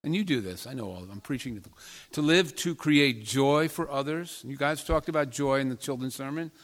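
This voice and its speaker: A man's voice: mid-range voice, fairly quick, a bit bright. A male pastor gives a sermon from a church sanctuary, and his voice rings with a long echo through the big room. He talks in a loose, conversational way and keeps checking in with his listeners with friendly questions. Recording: long reverb of a large hall.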